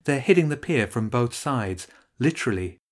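A man voicing a stern, straight-faced female cat in a storybook reading, measured and severe. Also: medium pitch, expressive, natural voice.

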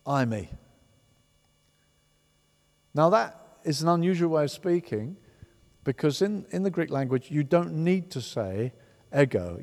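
A man preaching a sermon as a pastor, emphatic and animated, often repeating words for stress. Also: medium pitch. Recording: long hall reverb.

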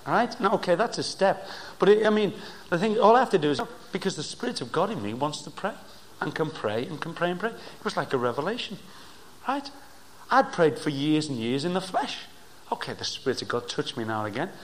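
Male preacher with a high voice, emphatic and fervent, from hushed to loud. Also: big pitch swings, fairly quick. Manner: emphatic, keeps asking "right?". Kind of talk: sermon testimony.

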